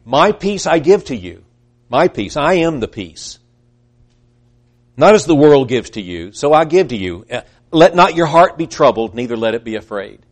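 A man preaching a sermon, earnest, rising to emphatic peaks and then trailing off quietly, acting out quoted voices as he goes. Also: mid-range voice, big pitch swings, normal speed.

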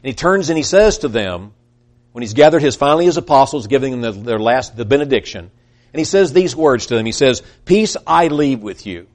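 A man preaching a sermon, earnest, rising to emphatic peaks and then trailing off quietly, acting out quoted voices as he goes. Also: medium pitch, lively intonation, a little fast.

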